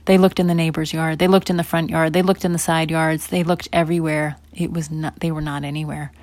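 A woman telling a children's bedtime story in a lowish voice. She swings from loud, eager emphasis into soft whispers. The sound is dry and close. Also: flat delivery, fairly quick, no room sound.

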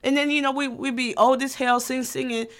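Twentysomething girl vlogging, kinda high voice, swears a lot, keeps restarting mid sentence. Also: steady tone, fairly quick, a bit bright. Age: 20s. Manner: loose, profane, chatty with frequent restarts. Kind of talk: casual chat.

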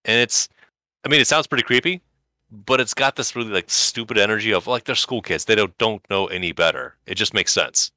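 A man co-hosting a casual podcast, recommending shows to his friends with animated, wry humor. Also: on the low side, a little fast, no room sound, studio quality. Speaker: podcast co-host. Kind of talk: casual chat.

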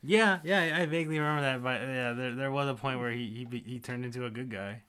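A man's voice: mid-range voice, quick pace, bright, forceful tone, clean tone. A man co-hosting a casual podcast, agreeable and hesitant, with many fillers. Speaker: podcast co-host. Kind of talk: casual chat.

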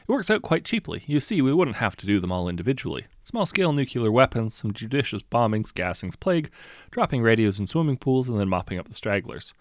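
A man voicing a smooth, polite salesman with a quietly menacing manner. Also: mid-range voice, big pitch swings, brisk, no room sound, clean studio sound, close to an everyday voice. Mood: pleased. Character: smooth sinister male salesman of death.

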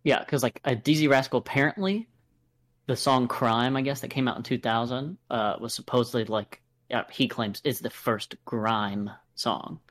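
Man, american, casual podcast co-host, rambling talk, mid pitch. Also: normal speed, a bit bright. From United States. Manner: rambling, many fillers and restarts. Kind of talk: casual review chat.

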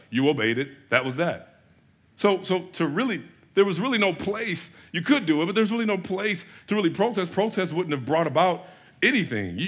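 In an animated sermon, a pastor asks rhetorical questions and alternates between loud and soft delivery. He is male, with a voice on the high side and a breathy edge.

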